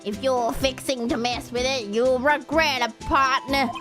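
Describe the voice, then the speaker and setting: A woman voicing a laid-back cowboy detective man who talks in a slow western drawl over game music. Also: high-pitched, fairly even intonation. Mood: drawling, lazy.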